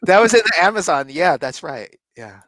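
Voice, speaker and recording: A man co-hosting a relaxed conversation tells a story in a lively way, often laughing mid-sentence. His voice sits somewhat high for a man. The sound is dry and close, with no room echo. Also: moderate pace. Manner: animated, laughs often while telling. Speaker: co-host. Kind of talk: casual storytelling chat.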